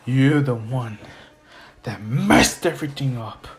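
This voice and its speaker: A man voicing a mysterious male attacker in a fan-made story, speaking in a low, threatening way. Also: takes it slowly, close to an everyday voice. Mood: menacing.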